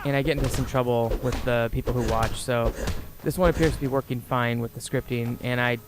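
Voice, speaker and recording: A man giving relaxed, rambling commentary on a video game as he plays. His voice sits at an ordinary pitch, and he chats along with frequent fillers. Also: a little fast, noisy background. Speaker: let's player. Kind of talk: casual gameplay commentary. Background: game music.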